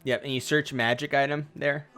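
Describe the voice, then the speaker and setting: A man's voice: mid-range voice, level tone, normal speed, bright, forceful tone, faint music behind. A man running a tabletop game as game master, casual and chatty. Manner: casual, chatty, many fillers.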